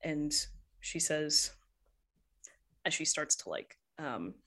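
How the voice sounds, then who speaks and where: A woman narrating as game master of a tabletop role-playing game, describing scenes in a relaxed way with many fillers. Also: low-pitched, slow pace.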